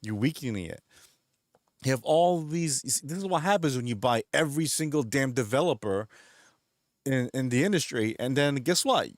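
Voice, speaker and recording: A man's voice: mid-range voice, expressive, normal speed, no room sound, studio quality. A man streaming, chatting casually while gaming, rambling along and laughing often. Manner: rambling, laughs often, does goofy voices in retold scenes.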